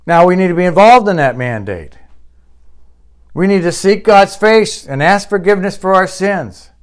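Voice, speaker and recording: A male pastor delivering a sermon, emphatic and rising sharply on questions and quotes. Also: clear, resonant tone. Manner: closes in a quiet, low prayer.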